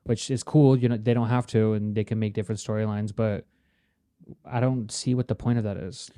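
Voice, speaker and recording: A man co-hosting a podcast, talking in a relaxed, matter-of-fact way and swearing casually. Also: lowish voice, fairly quick, clear, resonant tone, no room sound, clean studio sound. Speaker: podcast co-host. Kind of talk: casual chat.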